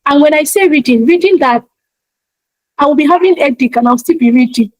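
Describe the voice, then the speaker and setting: A woman's voice: high-pitched, fairly quick, darkish tone, no room sound, poor audio. A woman giving a motivational talk, speaking emphatically and repeating her key points in a preacher-like way. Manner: talks of her own practice in speaking to online audiences.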